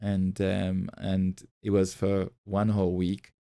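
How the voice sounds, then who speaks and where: Male pastor, middle-aged, low and gravelly, mellow tone, storytelling sermon delivery. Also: monotone, slow pace. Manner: storytelling, repeats phrases, acts out quoted voices. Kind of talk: motivational sermon talk.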